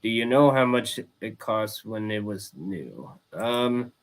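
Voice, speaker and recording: Young adult man, casual host, halting delivery with lots of restarts. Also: fairly low pitch, expressive. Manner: halting, many restarts and repeated words. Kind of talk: casual roundtable chat.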